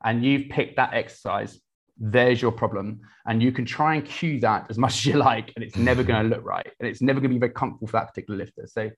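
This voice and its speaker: A man, a personal trainer talking casually in an interview, energetic, with many restarts. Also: medium pitch, fast. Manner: energetic, many restarts, quotes clients in lively voices.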